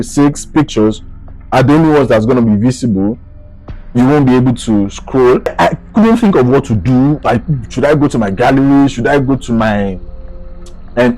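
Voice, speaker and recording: A young man with a Nigerian accent recounts a personal story straight to camera in a casual vlog. His voice sits in an ordinary middle pitch, sometimes sinking low and quiet, then lifting with excitement. Faint music plays in the background. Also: poor audio. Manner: animated, swings between hushed and excited retelling. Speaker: vlogger.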